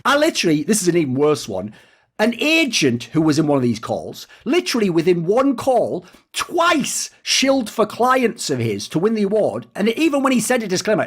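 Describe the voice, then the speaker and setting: Male host, high lively voice, rapid sarcastic profane rant. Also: husky. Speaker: esports commentator and video host. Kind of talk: animated ranting commentary.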